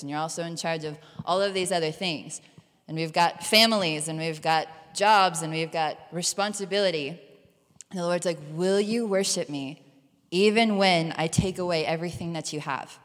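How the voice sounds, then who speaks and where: Candid woman in an echoing church. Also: sits low. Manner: candid, conversational, animated retelling with playful asides. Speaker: missionary sharing a testimony. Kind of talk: personal testimony in a church service. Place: church sanctuary. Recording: long church hall reverb.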